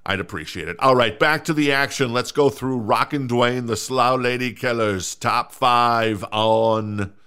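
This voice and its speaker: A man's voice: mid-range voice, measured pace, few pauses, pushed and bright, smooth. A middle-aged man hosting a podcast alone, rambling casually with lots of fillers, restarts and jokes at his own expense. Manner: rambling, self-mocking, many fillers and restarts. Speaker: podcast host. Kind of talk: casual solo podcast chat.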